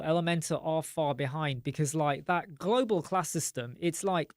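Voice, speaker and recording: A man's voice: fairly high pitch, slow pace, no echo, studio quality. A man hosting a casual live stream, chatting freely and answering viewer comments, often thinking aloud with ums and asides.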